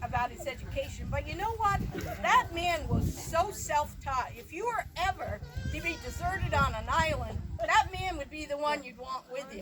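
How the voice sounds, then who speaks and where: Woman, middle-aged, high pitch, halting rambling storytelling, memorial gathering, crowd nearby. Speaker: former daughter-in-law sharing memories. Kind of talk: informal memorial remembrance.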